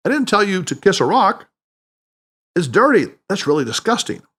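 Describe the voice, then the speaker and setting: A man's voice: big pitch swings, normal speed, fairly bright tone, slightly rough, heavily acted. A man voicing a wise, playful older male mentor who teases and speaks emphatically. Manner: emphatic, teasing, booming laughter.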